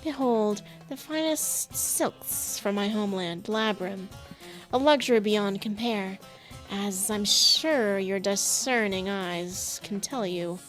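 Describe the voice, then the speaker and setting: A woman voicing a coy, scheming male cobra-man silk merchant who talks slowly and hisses his persuasion. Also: mid-range voice, soft background music, lightly acted. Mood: coaxing. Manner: slow, drawn-out, hissing persuasion.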